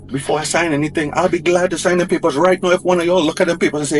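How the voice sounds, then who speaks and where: A man's voice: fairly high pitch, quick pace, a little hiss or hum. A man talking about his divorce in a rambling, colloquial, insistent way. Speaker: husband in a divorce dispute. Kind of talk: casual rambling talk.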